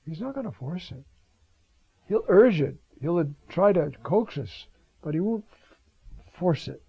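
An older priest preaches in a slow, unhurried way, his voice gravelly and husky. He talks conversationally, keeps asking "you see?" and drops in Hebrew words. The recording is dull and lo-fi. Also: sits high, very animated, no room sound. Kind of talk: homily on scripture.

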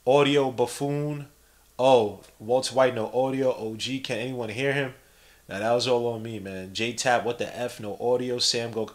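A young man hosting a podcast, giving casual live play-by-play and reading the chat aloud in an animated, slangy way. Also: mid-range voice, moderate pace. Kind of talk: casual live-stream commentary.

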